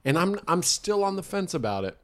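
A man from Northern California in a casual podcast chat, firing off quick jokes and reactions. His voice sits a little high and moves through a very animated pitch range. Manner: quick reactive banter, jokey interjections. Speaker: podcast co-host.

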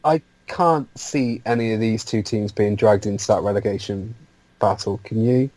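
A man's voice: on the low side, normal speed, darkish tone, dry recording, rough recording. A man co-hosting a casual football podcast, talking with frequent restarts and repeated words. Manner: hesitant, repeats words, makes puns. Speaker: podcast co-host. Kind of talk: casual chat.

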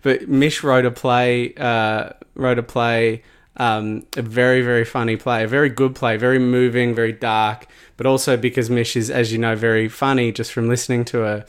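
A man's voice: mid-range voice, little pitch movement, moderate pace, clear, resonant tone. A man co-hosting a podcast, rambling in casual chat with lots of fillers and restarts. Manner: rambling, lots of "like" and restarts, laughs through stories. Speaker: podcast co-host.

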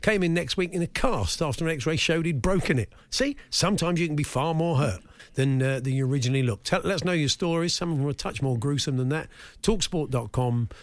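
A man hosts sports talk radio in a relaxed, jokey way, reading out listener stories. His voice sits a little high for a man. The studio sound is close and dry. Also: no room sound. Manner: jokey, reads listener texts aloud. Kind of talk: casual radio chat. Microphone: studio microphone.

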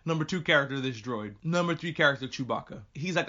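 A man hosting a podcast, recapping a show in a casual rant, profane and animated, drifting off on tangents. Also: mid-range voice, fast, dull audio. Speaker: podcast host.

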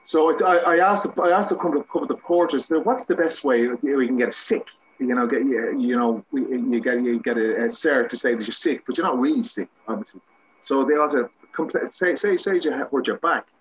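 A man's voice: mid-range voice, a little fast, a little hiss or hum, rough recording. An Irish man, a guest actor, telling rambling, self-mocking anecdotes with many restarts in a casual interview.

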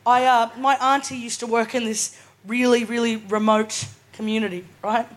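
A woman's voice: fairly high pitch, level tone, normal speed. Cheeky Australian woman doing stand-up. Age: 20s. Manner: casual, cheeky, keeps asking "right?". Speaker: stand-up comedian. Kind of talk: live stand-up set. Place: live comedy venue.

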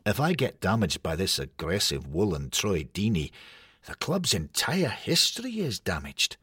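A man's voice: deep voice, huge pitch swings, unhurried, pushed and bright, husky, no echo, studio quality, exaggerated voice. A man doing a pompous old-fashioned toy footballer. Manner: formal, polite, pompous. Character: prim old-fashioned male table-football figure.

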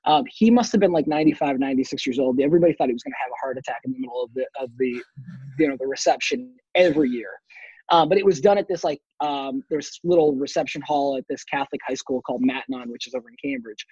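A man's voice: medium pitch, fast, darkish tone, breathy edge, no room sound, dull audio. A man who is a podcast guest, chatting casually and telling long stories, swearing now and then. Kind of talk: casual chat.

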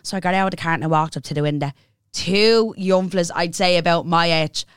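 A woman's voice: fairly low pitch, a little fast, clean tone, no room sound, clean studio sound. Sweary young Irish woman telling a story. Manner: sweary, animated, playful impressions of others. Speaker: podcast co-host. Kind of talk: casual storytelling chat.

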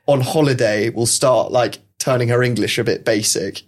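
A man's voice: mid-range voice, moderate pace. A man co-hosting a sports podcast in casual chat, dropping dry, wry asides. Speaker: podcast co-host.

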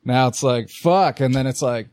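A young man co-hosting a podcast, telling an animated story in casual chat and swearing a lot. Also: mid-range voice, normal speed, no echo, studio quality. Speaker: podcast co-host.

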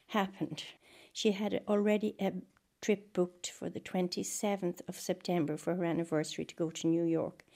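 A woman recalling someone in a calm, measured way during an interview. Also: mid-range voice. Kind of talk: interview recollection.

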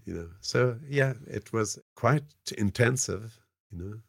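A man's voice: lowish voice, unhurried, vocal fry, slightly rough, dry recording. An older man with a South African accent, telling stories as a podcast guest in a rambling way. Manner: rambling, frequent "you know" fillers. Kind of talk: casual anecdotal storytelling.

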